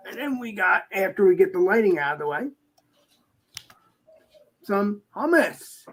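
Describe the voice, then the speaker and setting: A man's voice: sits high, sing-song, unhurried, fairly bright tone, breathy edge, poor audio. A man hosting a casual live stream, talking in an easygoing, loose way. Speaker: host.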